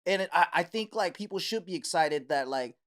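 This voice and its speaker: A man on a comedy talk show, telling animated stories full of swearing and acted-out voices, recorded on a studio mic. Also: a little high, normal speed. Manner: animated storyteller, swears a lot, acts out voices. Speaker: commentator. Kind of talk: casual comedy chat.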